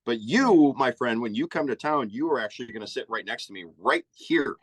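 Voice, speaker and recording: A man's voice: medium pitch, animated, brisk, husky, no room sound, low-quality recording. Brief: playful male TV host, dry close sound, mid-range voice, video call chat. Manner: playful, plugs his show. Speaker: TV show host, guest. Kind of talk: casual comedic chat.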